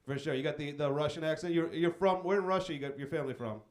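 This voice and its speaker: A man's voice: a little high, fast. A man doing stand-up comedy in a club, teasing the audience with profane, riffing crowd work. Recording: live club recording with crowd. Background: audience laughter.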